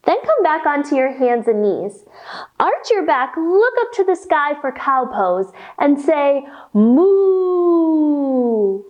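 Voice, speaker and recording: Woman leading a children's yoga storytime; high, bouncy voice, unhurried and playful. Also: sing-song, narrow, tinny audio. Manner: slow, playful sing-song instructions to children. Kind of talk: guiding a kids' yoga storytime.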